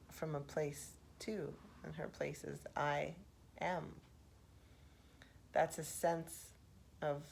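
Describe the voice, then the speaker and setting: Slow, low-voiced soft-spoken woman. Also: gravelly, slight background noise. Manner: reflective, thinking aloud with pauses. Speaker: host. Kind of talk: soft-spoken ASMR poetry analysis.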